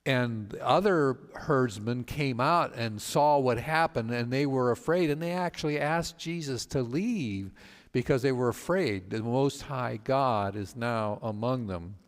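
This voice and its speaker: A male pastor retells scripture stories for a study group at a middle pitch. He pauses and restarts often with fillers and shifts his voice to act out the people he quotes. A long reverb trails his words. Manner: storytelling, halting with fillers and restarts; acts out quoted speakers with voice changes. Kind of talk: Bible study teaching.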